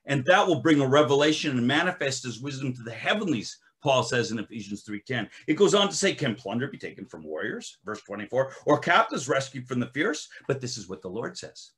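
A man preaching a sermon as a ministry director, swinging from loud emphatic bursts to quiet scripture reading, with frequent restarts. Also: mid-range voice, big pitch swings, brisk, hardly any pauses. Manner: restarts and filler uh often.

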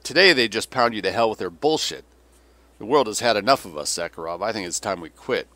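A man's voice: fairly low pitch, lively intonation, brisk, bright, forceful tone, no echo. A man voicing a weary, cynical older male Russian general who delivers sardonic, bitter tirades.

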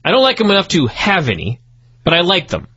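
Male podcast host, bright and animated, sarcastic and profane, husky edge, dull lo-fi sound. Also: high-pitched, quick pace. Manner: profane, mocking, storytelling. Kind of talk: sarcastic wrestling recap.

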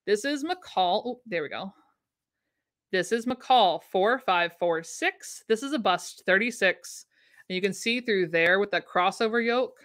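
A woman's voice: medium pitch, lively intonation, a little slow, fairly bright tone. A woman hosting a casual livestream, chatting enthusiastically and answering viewer comments. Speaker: vintage sewing pattern livestream host. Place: home room.

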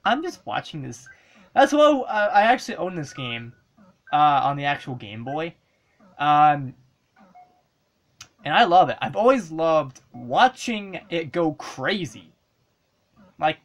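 Woman, gameplay commentary, excitable, cursing at the game, lively swooping pitch, slow delivery. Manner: excitable, swears and yells at the game. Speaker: let's play gamer.

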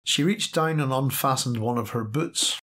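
A man reading science fiction aloud as an audiobook narrator, steady and measured. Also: medium pitch. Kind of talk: scripted narration.

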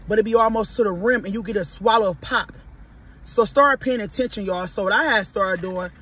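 High-voiced chatty man from Detroit. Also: bright, forceful tone, breathy edge. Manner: chatty, keeps calling viewers "y'all". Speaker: podcast host reviewing food. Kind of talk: casual mukbang food review.

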